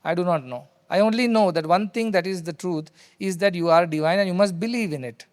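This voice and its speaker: A man's voice: high voice, brisk. Man teaching in a reverberant hall. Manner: animated storyteller who repeats key phrases. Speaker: spiritual teacher. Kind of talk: storytelling discourse. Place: hall with devotees.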